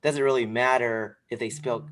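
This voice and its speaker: A man co-hosting a casual podcast, talking in a rambling, animated way with lots of fillers. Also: medium pitch, normal speed. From came to this country when young. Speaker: podcast co-host. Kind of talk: casual sneaker podcast chat.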